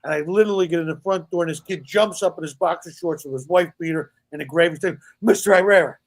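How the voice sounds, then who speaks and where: A middle-aged man, a guest comedian, telling quick stories in casual podcast chat and acting out voices. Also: on the high side, fairly even intonation, dry recording. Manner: rapid storytelling, acts out voices in anecdotes.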